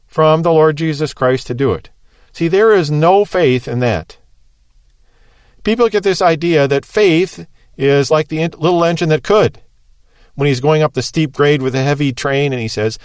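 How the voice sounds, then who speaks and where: A man's voice: on the high side, animated, a little slow, pauses often, no room sound. Conversational male preacher, dry sound. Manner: conversational, explanatory, rhetorical questions. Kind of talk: sermon.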